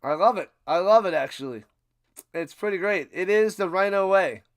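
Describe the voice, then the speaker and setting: A chatty man calls a football game for his livestream watch party, joking along and jumping up in excitement on the big plays. His voice sits high and sounds smooth and clear. It is dry and close to the mic, with no room sound. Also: normal speed, dry recording. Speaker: livestream play-by-play host. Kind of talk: casual play-by-play watch party commentary.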